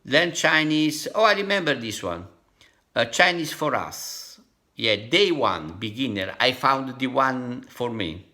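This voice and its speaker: An Italian-accented man from Italy thinking aloud as a vlogger, halting and repeating syllables over and over to practice tones. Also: medium pitch, expressive, sharp tone. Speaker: language-learning vlogger.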